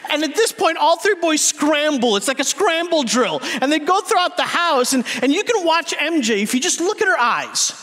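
A man in his thirties preaching a sermon, a lively and humorous storyteller who speaks straight to the congregation. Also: very high voice, normal speed, few pauses. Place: church sanctuary. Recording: long reverb of a church hall.

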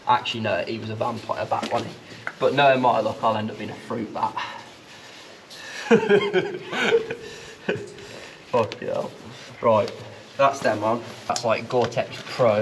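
A man vlogging as he explores an underground mine, talking in an excited, chatty way, recorded on an action camera. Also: medium pitch, far from the mic. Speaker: adventure vlogger. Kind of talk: casual exploring vlog. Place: inside a wet underground mine. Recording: running water noise, cave echo. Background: running and dripping water.

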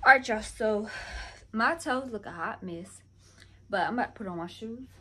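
A woman's voice: fairly high pitch, animated, moderate pace, sharp tone, slightly rough. A young woman chatting to her viewers in a casual get-ready-with-me vlog, constantly calling them y'all. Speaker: vlogger. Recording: background noise with passing vehicles.

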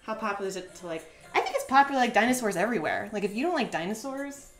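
A woman talks through a craft project on a live stream, casual and chatty, her pitch sitting mid-range. She giggles often and scatters "like" through her sentences, with faint music playing in the background. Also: expressive, fast talker. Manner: chatty and giggly, heavy on "like" fillers.

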